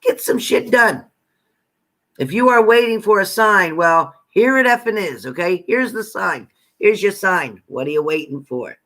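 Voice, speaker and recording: A fairly high-voiced man reading psychic messages sign by sign. He talks bluntly and bossily, repeating his orders and swearing freely as tough love. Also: expressive, moderate pace, pushed and bright. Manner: profane, repetitive, bossy tough-love commands. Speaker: psychic card reader.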